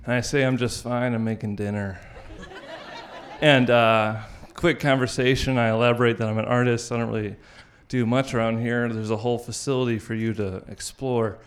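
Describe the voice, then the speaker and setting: A young man telling a personal story to an audience, wry and animated, often laughing as he goes. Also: mid-range voice, normal speed.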